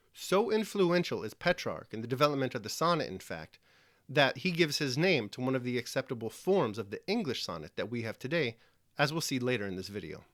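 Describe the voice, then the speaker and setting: A man narrating a scripted lesson clearly, explaining step by step with dry little asides. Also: mid-range voice, fairly bright tone, no room sound. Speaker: teacher.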